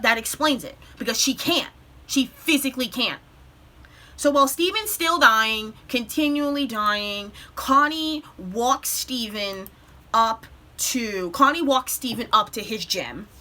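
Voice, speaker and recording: A young woman talking through a favorite cartoon scene with raw emotion, her voice bright and slightly high. She rushes through some lines in excited bursts and chokes up on others, stopping to pull herself together. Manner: tearful, breaks off to compose herself; animated retelling with quick bursts. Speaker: vlogger. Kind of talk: emotional show recap.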